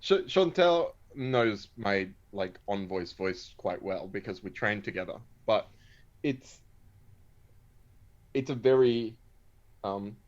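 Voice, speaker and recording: A man's voice: fairly low pitch, lively intonation, takes it slowly, long pauses. Easygoing man, muffled call audio. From Australia. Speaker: player. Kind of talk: casual chat between players.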